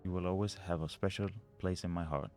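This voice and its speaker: A man's voice: low voice, steady tone, fairly quick, a little mellow, soft background music. A man playing a mystery video game, reading notes and letters aloud and muttering over the puzzles. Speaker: let's play gamer.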